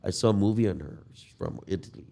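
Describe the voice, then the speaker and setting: An older man from Guam, a guest musician, telling stories in a relaxed podcast conversation. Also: low-pitched, vocal fry, a little hiss or hum. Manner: relaxed, reminiscing, drawn-out storytelling.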